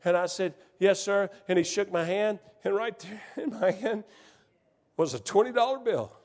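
A man's voice: high-pitched, moderate pace, a little mellow. A man preaching, telling a personal story in a folksy, emphatic way with many restarts, in a church. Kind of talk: storytelling sermon. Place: church sanctuary. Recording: church hall reverb.

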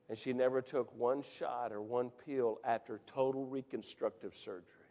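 A man preaching a sermon, telling a personal story with rising emotion and bursts of shouting. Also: mid-range voice, fairly even intonation, moderate pace, in a large hall.

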